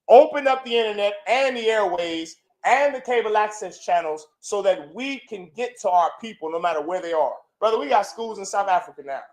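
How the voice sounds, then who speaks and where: A man preaching a fiery sermon to a gathering, forceful and repetitive, swinging between loud outbursts and low, intense passages. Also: low-quality recording. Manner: repetitive, chanting lists. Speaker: preacher leading a congregation. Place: indoor gathering.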